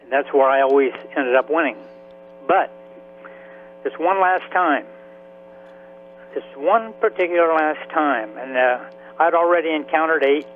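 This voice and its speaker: A man in his seventies, a veteran and author, telling his story in a halting, emotional way with many restarts. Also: fairly high pitch. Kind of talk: radio interview by phone. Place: Florida. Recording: tinny phone line with faint hiss.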